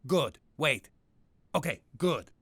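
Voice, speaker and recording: An actor voicing a blustery middle-aged former mob boss and father in an animated comedy, with a New York accent. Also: on the high side, slow, no echo, heavily acted. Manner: blustering, gravelly, soft with his daughter.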